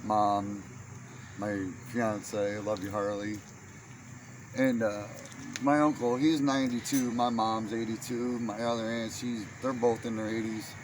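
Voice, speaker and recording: A man's voice: lowish voice, flat delivery, a little slow. A man casually telling funny family stories in a rambling way, chuckling at his own tales. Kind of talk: casual storytelling monologue. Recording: noisy background.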